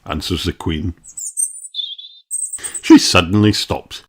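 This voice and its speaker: A reader narrating a children's picture book aloud, with a lively and expressive storytelling manner. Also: deep voice, slow, long pauses.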